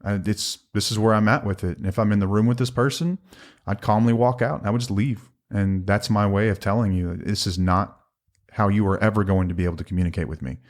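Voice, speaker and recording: Podcast co-host, man in his thirties, lowish voice, earnest with a joking streak. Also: steady tone, quick pace, a little mellow. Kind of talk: casual conversation.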